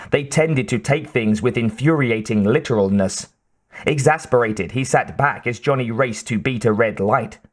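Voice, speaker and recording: In scripted audiobook narration, a medium-pitched male voice carries the story at a steady, measured pace.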